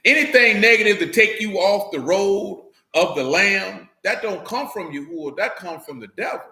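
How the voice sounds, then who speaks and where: A man's voice: high-pitched, animated, normal speed, sharp tone. A man leading a casual religious talk to a group, slangy and joking, with frequent asides. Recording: echoey room.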